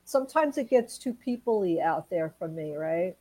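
A woman's voice: fairly low pitch, expressive, moderate pace, dark tone, breathy edge, dry recording, poor audio. A woman co-hosting a casual chat show, telling light stories in a chatty, giggly way. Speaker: podcast co-host.

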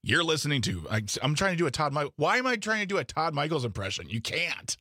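A man's voice: fairly high pitch, very animated, fast, pushed and bright, dry recording, studio quality. A man in his thirties co-hosting a morning radio show, joking and self-deprecating, often restarting his sentences. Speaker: radio co-host. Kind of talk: casual morning radio chat. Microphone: studio microphone.

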